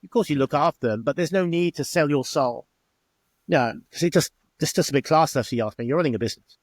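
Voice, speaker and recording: Speaking fast in a voice on the high side, a middle-aged English ex-bar owner shares interview stories and acts out the quoted exchanges in a chatty manner. There's no room sound.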